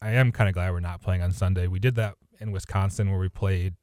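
Deep-voiced rambling man, easygoing. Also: steady tone, quick pace, darkish tone, no echo, studio quality. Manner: rambling, self-correcting, easygoing. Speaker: golf podcast co-host. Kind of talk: casual chat.

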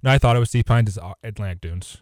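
A deep-voiced man chats on a golf podcast in a loose, rambling way, often stopping to correct himself mid-sentence. His tone stays easygoing. The recording is dry and close-miked. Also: fast talker, darkish tone, no echo. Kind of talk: casual chat.

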